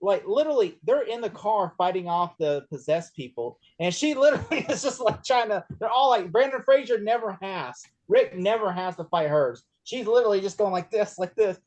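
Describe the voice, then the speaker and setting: A man chatting casually about a movie, rambling with lots of fillers and getting excited as he retells scenes. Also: high-pitched, moderate pace, few pauses. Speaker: podcast co-host.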